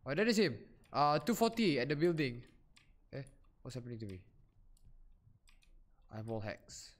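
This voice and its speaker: A man with a Malaysian English accent talks over a shooter game with his friends. His voice sits at a middle pitch, quick to get excited and full of teasing banter. He is recorded close on a headset or desk mic at home. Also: a little hiss or hum. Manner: excitable, teasing, calls out directions. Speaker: gaming streamer. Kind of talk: casual gaming chat with friends.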